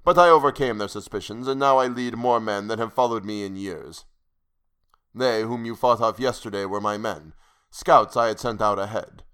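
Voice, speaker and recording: A man's voice: on the low side, normal speed, fairly bright tone, clear, resonant tone, natural voice. A man reading the lines of a mocking, formal Arab sheik in an audiobook story. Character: scornful Arab sheik, middle-aged man.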